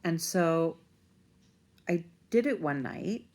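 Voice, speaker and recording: Woman, lowish voice, casual parenting vlog, chatty, some ums and restarts. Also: lively intonation, takes it slowly, a little mellow. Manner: conversational, rambling, with fillers and restarts. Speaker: parent vlogger. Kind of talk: casual talk to camera.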